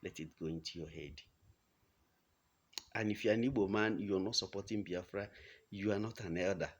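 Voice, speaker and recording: A man's voice: low voice, normal speed. A man from Nigeria with a Nigerian accent, giving a heated, blunt monologue full of rhetorical questions. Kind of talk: impassioned monologue. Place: home in the United States.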